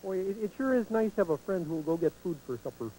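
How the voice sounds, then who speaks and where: A man's voice: sits high, animated, quick pace, mellow, slight background noise, low-quality recording. A man voicing Ernie, a cheerful, oblivious male puppet roommate who talks in a sunny, chuckly way in a children's TV puppet sketch.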